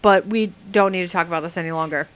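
A young woman chatting casually, telling a funny story in an animated way and laughing often. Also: fairly low pitch, fast talker. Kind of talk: casual chat.

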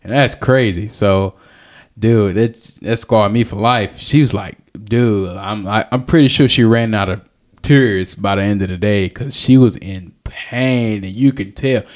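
A man's voice: fairly low pitch, measured pace. A young man, telling a rambling, jokey story as a podcast host. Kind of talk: casual storytelling chat.

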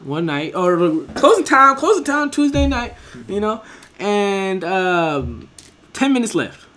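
A man's voice: sits high, big pitch swings, slow pace, pushed and bright. A young man telling a story among friends, laughing often and swearing freely. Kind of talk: casual chat, storytelling.

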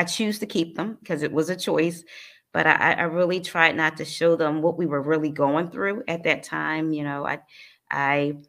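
A woman from New Jersey, an interview guest, telling her personal life story in an earnest, halting, emotional way. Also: sits low, fairly bright tone.

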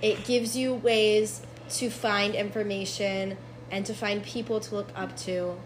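A woman's voice: mid-range voice, flat delivery, a little slow, slight background noise, rough recording. A young woman guest on a podcast, earnestly explaining her views in casual chat with fillers.

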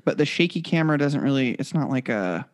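A man co-hosting a podcast, chatting in a relaxed, halting way. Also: mid-range voice. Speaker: podcast co-host. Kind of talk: casual chat.

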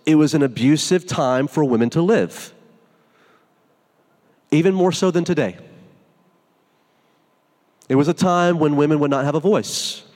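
A pastor preaching in a relaxed, conversational style, tossing in casual asides as he goes. His voice sits a little high for a man, and it carries a long reverb tail from a big church hall. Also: measured pace, long pauses. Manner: conversational, informal preaching with frequent "like". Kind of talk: sermon.

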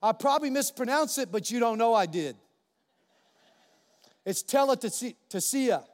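High-voiced male pastor preaching in a hall. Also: normal speed. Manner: animated, emphatic, repeats key phrases. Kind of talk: sermon. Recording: long reverb of a large hall.

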